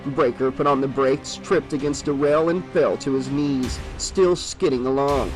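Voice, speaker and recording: A man giving a steady, measured audiobook narration of a horror novel. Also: mid-range voice, soft background music, rough recording.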